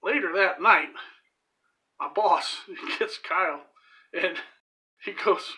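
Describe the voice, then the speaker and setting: A man's voice: high voice, takes it slowly, sharp tone. A man hosting a home cooking channel, telling a crude, profanity-filled story with laughs while he makes bread. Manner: profane, laughing, rambling anecdote delivery.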